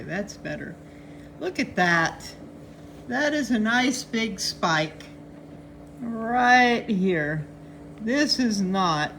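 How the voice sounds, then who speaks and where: A woman hosting a casual live chat, greeting viewers by name and laughing often. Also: mid-range voice. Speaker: livestream host. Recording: echoey room, faint background noise.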